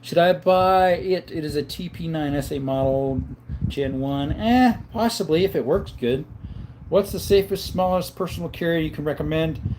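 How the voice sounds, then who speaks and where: A man hosting a casual livestream, reading viewers' chat names aloud and answering them in a relaxed, easygoing way. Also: fairly high pitch, normal speed, a little hiss or hum. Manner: calls viewers brother. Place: home, in front of a counter.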